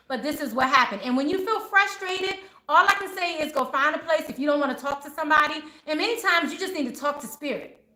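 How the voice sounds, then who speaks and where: High bright voice, woman preaching on a livestream, passionate, echoey room. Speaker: spiritual reader hosting a live chat. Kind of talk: casual live-stream talk.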